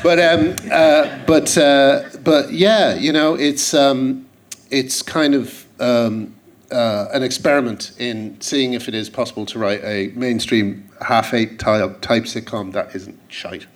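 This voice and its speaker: A man's voice: medium pitch, fairly even intonation, slow pace. A man chatting as a guest, telling rambling anecdotes and laughing at his own stories. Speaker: guest, comedy writer. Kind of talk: casual chat on a live podcast. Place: theatre stage.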